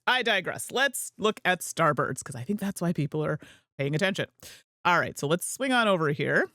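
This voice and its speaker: A woman's voice: low-pitched, a bit bright, dry recording. Chatty woman streamer, dry sound. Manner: chatty, rambling, laughs easily. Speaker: host and streamer. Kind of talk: casual gameplay livestream chat.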